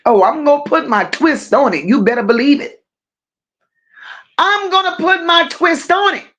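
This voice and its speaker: On a true-crime livestream, a woman with a high, expressive, slightly bright voice rants at her audience in an emphatic, confrontational way. She hits her stressed words hard and stops now and then to thank people in the chat.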